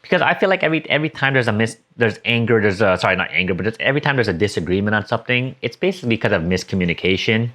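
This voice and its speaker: A young man vlogs about his personal life, talking casually and emotionally as he rambles, reflects and corrects himself. His voice is on the low side with a fairly bright tone, and he speaks expressively and rapidly with few pauses.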